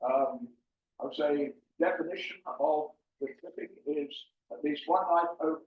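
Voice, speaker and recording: An older man talks through his slides in a loose, joking way, filling pauses with ums. His voice sits a little high and comes from some distance off. The room echoes, and the sound is muffled. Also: a little hiss or hum. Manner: jokey, chatty, with many ums. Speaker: presenter. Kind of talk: informal slide presentation. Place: meeting room with an audience. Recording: far-off mic, roomy and muffled.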